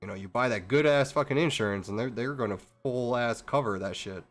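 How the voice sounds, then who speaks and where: A man's voice: mid-range voice, fairly quick, faint music behind. A man streaming a game, talking casually in a rambling, profane way with many restarts. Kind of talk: casual rambling chat while gaming.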